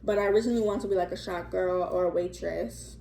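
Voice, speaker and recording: A woman's voice: fairly low pitch, fairly even intonation, quick pace, creaky, mellow, slight background noise. A young woman telling a casual storytime vlog into her phone, rambling and chatty with lots of fillers and the odd curse word. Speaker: vlogger. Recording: echoey room, faint ambience.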